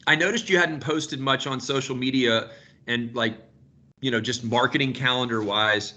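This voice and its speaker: Animated bright-voiced man in his fifties. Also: mid-range voice, moderate pace. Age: 50s. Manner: animated, storytelling, swears casually. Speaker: sales coach leading a team call. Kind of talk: casual group video call.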